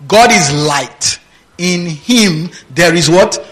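A man's voice: high-pitched, slow, a bit bright, low-quality recording. A man preaching a Bible-teaching sermon who reads scripture aloud, prompts the congregation with questions and laughs often. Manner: laughs often, mimics voices, rhetorical questions.

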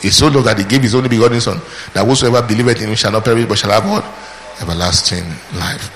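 A man's voice: medium pitch, fairly even intonation, racing. Man preaching in a big church hall, punchy q and a, throws in praise lines, long echo tail. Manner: emphatic, asks the congregation questions and answers them; exclaims praise between points. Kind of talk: sermon. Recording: long hall reverb with faint background noise.

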